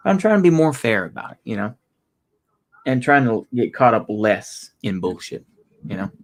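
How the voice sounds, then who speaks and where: A man in his thirties with a Texan accent, talking casually to his livestream chat in a rambling, halting way with many restarts. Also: medium pitch. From Texas.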